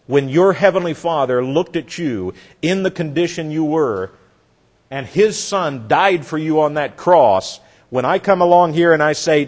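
Brief: male preacher, fairly high voice, earnest storyteller, sermon. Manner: earnest storytelling, dropping soft for effect.

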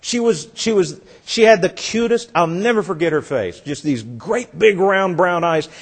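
A man preaching a sermon, telling a story earnestly and dropping soft for effect. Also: high voice, expressive, moderate pace, slightly rough.

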